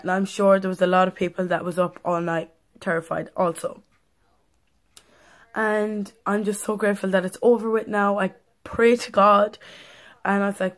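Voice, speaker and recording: A woman's voice: medium pitch, flat delivery, moderate pace. A woman chatting in a casual vlog, telling a story in a rambling, breathless way with many fillers. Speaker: vlogger.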